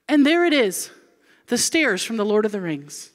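Woman pastor, 40s, higher-pitched, lively comedic preacher who acts out her stories. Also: moderate pace, in a large hall. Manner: animated and comedic, acting out scenes. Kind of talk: storytelling sermon.

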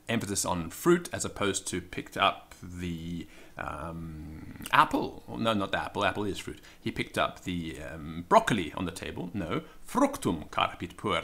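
A man giving an informal spoken lesson, thinking aloud with many ums and slowing down to stress each example. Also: deep voice, big pitch swings, creaky, bright, forceful tone. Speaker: Latin teacher.

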